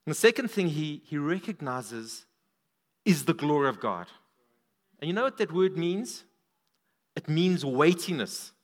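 A man preaching a sermon at a church service, animated, his voice swinging up and down for emphasis. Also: unhurried, pauses often. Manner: animated, rises and drops in pitch and volume for emphasis.

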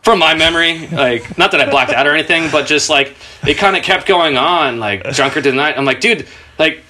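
A man's voice: a little fast, bright, forceful tone, slight background noise. A man in his thirties, a skateboarder guest on a podcast, telling laid-back, profane stories and laughing as he talks. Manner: raises his pitch a lot when quoting people. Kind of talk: casual podcast storytelling.

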